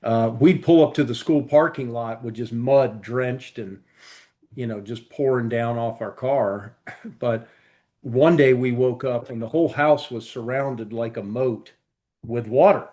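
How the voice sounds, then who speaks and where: A man's voice: mid-range voice, a little slow, warm tone. A man co-hosting a podcast, telling long rambling stories in casual chat with many fillers. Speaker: podcast co-host.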